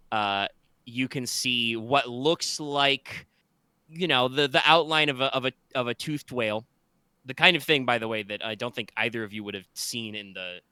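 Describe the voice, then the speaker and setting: Bright, smooth-voiced game master. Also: male voice, medium pitch, no room sound. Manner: rambling, with many fillers and restarts. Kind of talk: narrating a tabletop game.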